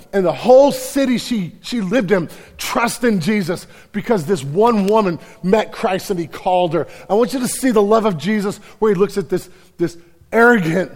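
Preaching man in a reverberant hall. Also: high voice. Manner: preaching with swings from loud urgency to hushed intimacy; casual slang, repeated words and restarts. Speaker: pastor. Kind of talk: sermon. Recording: long reverb of a large hall.

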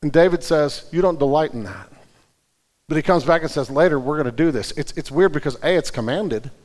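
Higher-voiced man preaching in a reverberant hall. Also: animated, a little fast. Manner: earnest, swings from fervent prayer to quiet explanation. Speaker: pastor. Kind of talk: sermon.

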